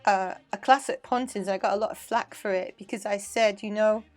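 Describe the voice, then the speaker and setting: Middle-aged English woman, dance teacher guest, animated storyteller. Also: medium pitch, brisk. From England. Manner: chatty, animated anecdotes. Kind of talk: casual interview storytelling.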